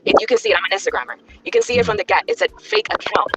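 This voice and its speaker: A woman's voice: on the high side, huge pitch swings, rapid-fire, creaky, dull audio, background noise. A woman from New York calling into a live stream, chatty, with hesitant starts. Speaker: caller. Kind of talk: call-in chat.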